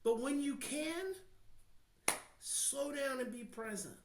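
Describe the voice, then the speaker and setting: An American man, a guest expert on a podcast, talking passionately and earnestly, dropping to a hush and then building to emphatic points. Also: very high voice, lively intonation, echoey room, background noise. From United States. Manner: passionate, slows down to near-hushed then swells with emphasis. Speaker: guest, child behavior expert. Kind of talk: podcast interview, earnest advice.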